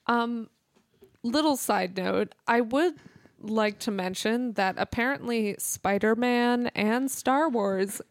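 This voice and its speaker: A woman's voice: on the high side, slow, no echo. A woman co-hosting a casual movie podcast, chatty and wry with side remarks. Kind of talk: casual movie review chat.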